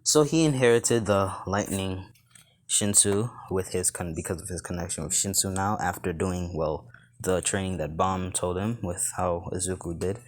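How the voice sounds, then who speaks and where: A man's voice: low-pitched, steady tone, moderate pace. Rambling young man telling a fan story. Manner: rambling, restarts sentences with "as". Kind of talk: improvised fan story narration.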